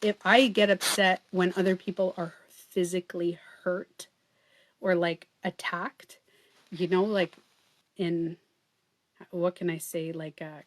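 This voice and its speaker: A woman's voice: lowish voice, level tone, slow pace. Give me an earnest, chatty woman talking casually on a livestream. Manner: chatty and earnest, many fillers like "like" and "you know". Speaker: livestream host and beauty coach.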